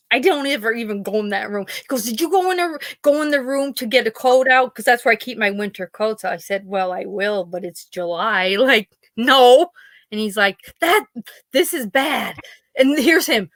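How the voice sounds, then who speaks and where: Expressive and on the high side, her voice moves at normal speed with a fairly bright tone, and no room sound is audible. As a podcast host with a Pennsylvania accent, she rambles through casual family stories, acting out her relatives' remarks.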